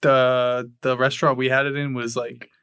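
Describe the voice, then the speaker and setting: A young man co-hosting a podcast, talking in casual chat, halting and restarting phrases, with the odd swear word. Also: medium pitch, flat delivery, fairly bright tone, clear, resonant tone, no echo, studio quality. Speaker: podcast co-host.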